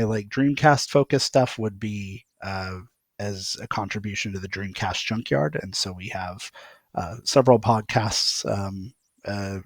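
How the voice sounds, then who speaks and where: A man's voice: on the low side, no echo. Podcast guest guy, lots of ums and uhs, rambly, dry close sound. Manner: hesitant, many fillers, rambling. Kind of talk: casual podcast chat.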